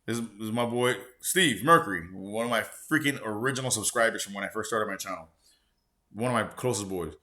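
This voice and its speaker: A man's voice: lowish voice, fairly quick, pushed and bright. A man of forty hosting a gaming channel, rambling casually in a loose, profane, slangy way. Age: 40s.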